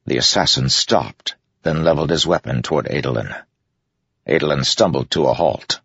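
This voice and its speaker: A man reading a fantasy story aloud in a steady, dramatic way. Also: a bass voice, normal speed, creaky, husky, dry recording, dull audio. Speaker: audiobook narrator. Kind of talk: scripted fantasy narration.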